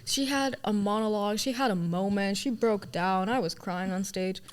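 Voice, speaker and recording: A woman's voice: mid-range voice, normal speed, clean tone. Bubbly young woman talking about acting. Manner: bubbly, laughs often, chatty storytelling. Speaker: guest, student actor. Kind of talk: casual interview chat.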